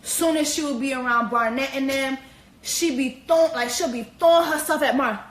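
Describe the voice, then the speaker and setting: A woman giving a blunt, profane, animated comedic recap full of slang. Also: high voice, normal speed. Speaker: vlogger recapping a reality show. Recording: echoey room.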